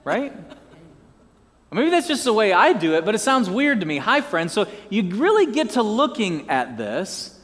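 A male pastor delivers a sermon in a high voice that leaps up and down, breaking into playful asides and asking the congregation to repeat key words after him. His voice rings out with a long reverb from the hall. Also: moderate pace. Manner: lively, joking asides and call-and-response prompts.

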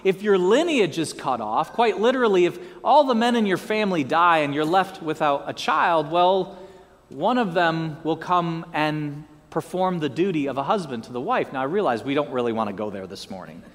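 High, lively male pastor preaching. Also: normal speed, in a large hall. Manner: lively, joking asides and call-and-response prompts. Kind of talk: sermon.

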